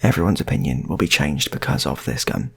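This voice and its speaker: A man voicing a calm, menacing man with a gun, speaking slowly and deliberately. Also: very deep voice, gravelly, breathy edge, pitched below the performer's own voice, heavily acted. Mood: ominous.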